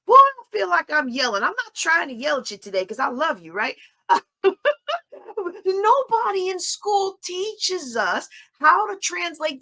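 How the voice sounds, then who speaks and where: A middle-aged woman leads a faith-based lesson in a high, bright voice. She speaks emphatically, often repeating a phrase to drive her point home. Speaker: Bible study teacher. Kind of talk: faith-based teaching talk.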